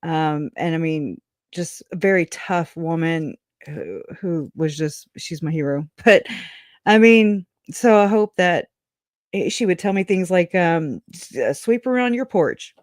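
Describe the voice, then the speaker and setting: A woman's voice: low-pitched, animated, a little slow, no room sound, clean studio sound. A woman who is a guest on a casual livestream chat over a video call, talking in a candid, folksy way and laughing often.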